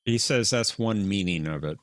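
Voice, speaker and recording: A man's voice: lowish voice, moderate pace. A man co-hosting a live stream, laid-back and brief, reading out chat comments. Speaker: stream co-host.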